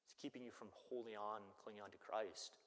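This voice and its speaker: A man, a Catholic priest, preaching a sermon and telling stories in an animated way. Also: lowish voice, brisk. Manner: animated storytelling that acts out the people it quotes. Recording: long church-hall reverb.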